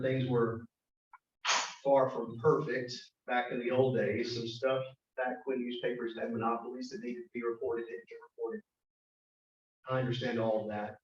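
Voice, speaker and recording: A man's voice: medium pitch, darkish tone. A man giving a prepared, earnest speech to a club meeting. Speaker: guest speaker. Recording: echoey, distant, dull room recording.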